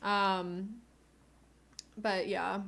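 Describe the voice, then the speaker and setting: This woman's voice is medium-pitched, gravelly, and a bit bright, with a flat delivery and drawn-out words. She's a streamer chatting casually with viewers from home over a cheap desk mic, gushing, near tears, and laughing frequently.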